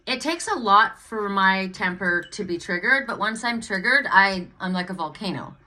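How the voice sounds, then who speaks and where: A woman reading oracle cards at home, telling a rambling personal story with sudden loud exclamations. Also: medium pitch, expressive, normal speed, soft background music. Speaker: oracle card reader. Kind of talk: casual spiritual storytelling.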